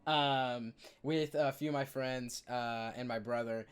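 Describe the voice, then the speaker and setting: A young man, a streamer, telling stories in casual chat, excitable and stammering, loudly acting out what people said. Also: medium pitch, unhurried, smooth.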